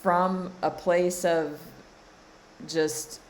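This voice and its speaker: Slow, low-voiced woman coach. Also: fairly even intonation, slight background noise, low-quality recording. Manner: slow, emphatic, repeats phrases, laughs often. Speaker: spiritual coach and card reader. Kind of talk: live-streamed spiritual guidance.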